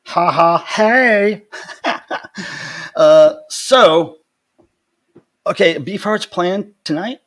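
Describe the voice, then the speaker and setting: A man's voice: fairly high pitch, very slow, long pauses. A man hosting his weekly livestream from home, casually greeting viewers by name and rambling through announcements. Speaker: livestream host.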